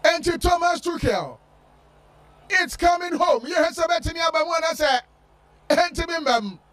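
Very high-pitched shouting football commentator. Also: male voice, lively intonation, normal speed, far from the mic. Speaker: sports commentator.

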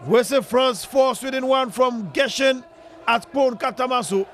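A man giving excited live football commentary on radio, with bursts of shouting. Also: unhurried, a little hiss or hum. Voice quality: high-pitched, shouting bursts, mixing languages.

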